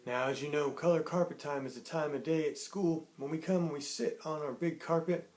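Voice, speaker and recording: A man teaching young children in an online lesson, cheerful and patient, slowly sounding out words. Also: fairly high pitch, a little mellow, faint music behind. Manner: cheerful, sings a greeting song, slow clear sounding out of words.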